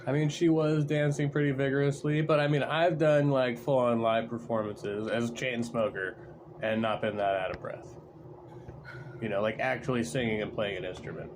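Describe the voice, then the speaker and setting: A man hosts a stream and comments on it in a mocking, sarcastic tone, drifting through filler words. His voice sits at a middling pitch. A clear hum of noise runs under the recording. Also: steady tone, moderate pace. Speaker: stream host. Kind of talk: casual commentary over a livestream.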